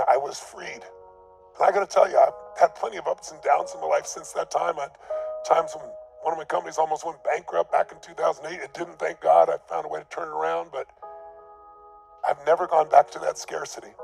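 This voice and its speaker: A man giving a motivational talk, telling a personal story in an emphatic, intense way with a gravelly voice. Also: on the high side, darkish tone. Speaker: motivational speaker.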